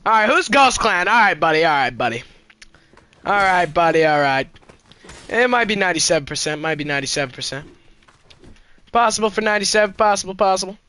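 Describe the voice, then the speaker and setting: A man with a high, bright voice talks through a game stream, firing off excited exclamations and curses between casual asides to his chat. His delivery is loose and reactive, addressing viewers directly. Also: brisk, pauses often. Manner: excitable, swears, bursts of exclamations. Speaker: gaming streamer. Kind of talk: casual live-stream chatter.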